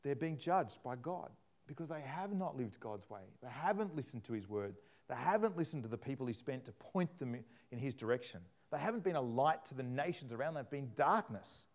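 A man preaching a sermon, animated, acting out scripture in different voices. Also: medium pitch, fairly quick.

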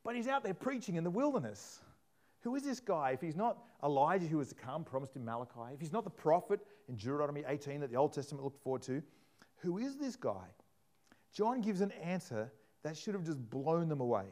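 A man preaching a sermon, animated, acting out scripture in different voices. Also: on the high side, a little fast.

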